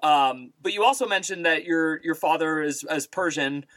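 Bright-voiced man host, dry sound. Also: a little high, moderate pace, no echo. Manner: relaxed, hesitant questioner with many fillers. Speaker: podcast host. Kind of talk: casual interview questions.

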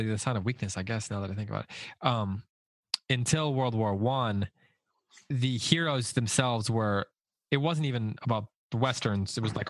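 A man with a lowish voice hosts a relaxed book talk. He circles his points, stops and restarts his sentences as he thinks aloud. The sound is dry and close. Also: no room sound. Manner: rambling, many restarts and self-corrections. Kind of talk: casual literary discussion.

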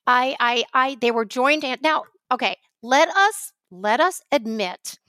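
A woman co-hosting a podcast, from New York, telling a story in an animated, ranting way. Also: sits high, no room sound. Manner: animated storytelling, quick rants. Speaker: podcast co-host. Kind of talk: casual chat.

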